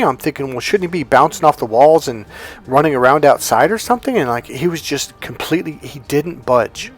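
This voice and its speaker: A man, a dating coach, telling a rambling personal story in casual monologue, acting out other people in a high voice.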